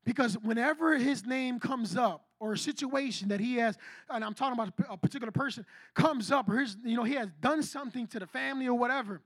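A man with a strikingly high voice preaches in a casual, animated way. He talks to the room like a friend, piling on asides and repeating himself for emphasis. The sound is dry and close, with no room echo. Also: fast. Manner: animated, conversational, repeats "I kid you not". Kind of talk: sermon with personal story.

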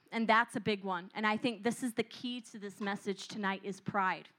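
A young woman preaching a lively youth sermon who acts out voices and asks the crowd questions. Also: mid-range voice, moderate pace.

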